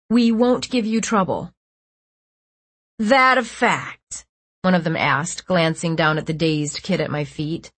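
A woman with a low, husky voice reads a first-person novel in a steady, measured way. The recording is dry and close-miked, with no room sound. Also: no room sound. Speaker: audiobook narrator.

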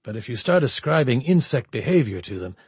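A man voicing a weary, gentle middle-aged ship captain speaking softly. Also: medium pitch, sing-song, brisk, husky, no room sound. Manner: gentle, subdued.

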